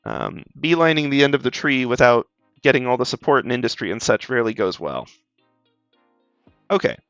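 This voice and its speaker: A man's voice: mid-range voice, fairly quick, fairly bright tone, smooth, no echo, highs cut off, faint music behind. A tired but bubbly man chatting casually while he draws on stream, rambling with lots of ums and little laughs. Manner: rambling, upbeat, chuckles, many ums. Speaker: art streamer.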